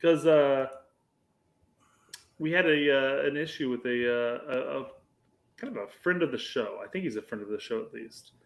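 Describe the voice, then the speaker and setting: A man's voice: mid-range voice, normal speed, vocal fry, pauses often, echoey room. A man co-hosting a casual sports podcast who swears freely and teases his partner. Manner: profane, teasing, laughs often. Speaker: podcast co-host. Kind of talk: casual banter.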